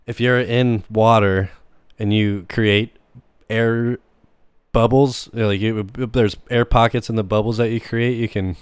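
A man's voice: on the low side, steady tone, a little slow, clean tone. A man co-hosting a podcast, rambling through ideas in casual chat and laughing often. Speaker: podcast co-host.

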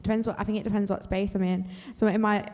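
A woman's voice: mid-range voice, little pitch movement, fast talker, a little mellow. A woman from Manchester with a light Mancunian accent, a panel guest talking candidly in a casual discussion and swearing freely. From Manchester, England. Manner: candid, swearing, laughing asides. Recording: roomy hall reverb.

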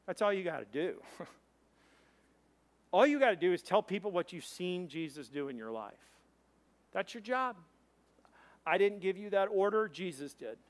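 A man preaching a sermon as pastor, telling a story in an animated way with quoted voices. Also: a little high.

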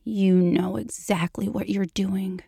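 A woman voicing a smug, domineering grown man, speaking low, slow and quietly with a mocking edge. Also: fairly even intonation, vocal fry, husky, no echo, clean studio sound, exaggerated voice. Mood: derisive.

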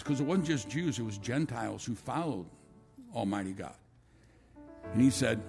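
A man's voice: medium pitch, normal speed, vocal fry, a little mellow, faint music behind. A male pastor preaching a sermon to his church, telling a long story with many restarts and asides.

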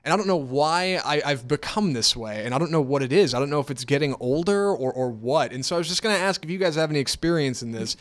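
A man from Houston co-hosting a radio show, talking in casual chat with a smooth radio voice. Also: fairly high pitch, quick pace, hardly any pauses. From Houston, Texas. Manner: smooth radio voice, animated storytelling. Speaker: radio co-host and announcer.

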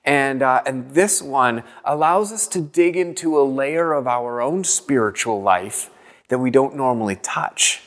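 A man's voice: medium pitch, lively intonation, unhurried. Earnest man preaching in a reverberant hall. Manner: earnest, reflective, repeats phrases softly. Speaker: pastor. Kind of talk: sermon.

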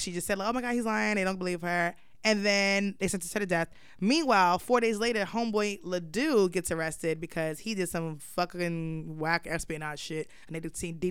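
A young adult woman hosting a podcast, telling a story in lively, profane slang. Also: fairly low pitch, moderate pace, clean tone, dry recording. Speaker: podcast host. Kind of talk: casual chat, storytelling.

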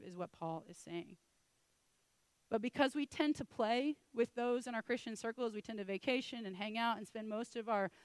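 A woman preaching a sermon with energy, voicing the people she quotes as she goes. Her voice sits a little high, and the sound is dry and close, with almost no room around it. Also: dry recording. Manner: animated, acts out quoted voices.

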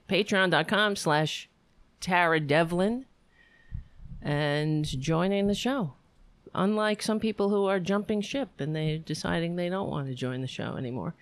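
A woman host rants with biting sarcasm and wanders off on tangents while she thanks her supporters. She talks slowly and deliberately, drawing out her words. Her voice sounds close and dry, with no room sound around it. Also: sits low, dry recording. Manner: sarcastic, emphatic, rambling. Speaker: show host. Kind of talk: ranting livestream monologue.

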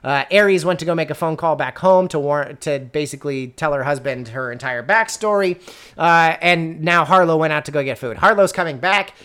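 A woman with a somewhat low voice chats casually on a podcast. She recaps a story with sardonic exasperation and lands her complaints through emphatic repetition. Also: fairly quick, fairly bright tone. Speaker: podcast co-host reviewing a book. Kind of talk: casual chat.

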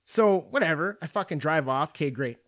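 A man's voice: fairly high pitch, fairly quick. A young man hosting a podcast, ranting in casual, profane storytelling about everyday annoyances. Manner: profane, animated storytelling rant. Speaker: podcast host.

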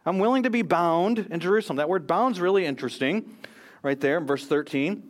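A man's voice: sits high, a little fast. An American man preaching a sermon as pastor, earnest and emphatic, quoting scripture and speeches.

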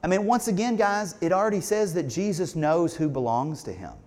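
A man's voice: high-pitched, animated, brisk, a little mellow, big-room sound. A man preaching a sermon in a church, talking conversationally and asking the congregation questions. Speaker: pastor. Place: church sanctuary.

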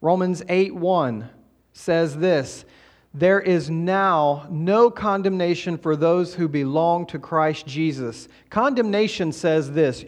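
A middle-aged man preaches a Sunday sermon in a church sanctuary, his voice sitting a little high for a man. He talks to the congregation conversationally and drops in quick asides to keep them with him. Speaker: pastor.

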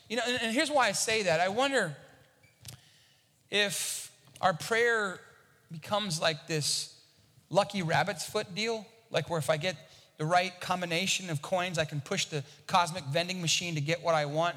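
High-voiced pastor preaching casually in a hall. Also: male voice, normal speed, bright, forceful tone. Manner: conversational, repeats words when starting a thought. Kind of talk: sermon.

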